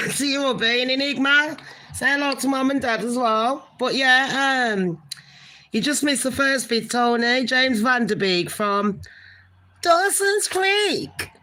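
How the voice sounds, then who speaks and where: This gossip channel host's voice sits high with a sharp tone, and she talks a little slowly, chatting with her live stream viewers as "honey pot" and occasionally swearing. The recording is low quality.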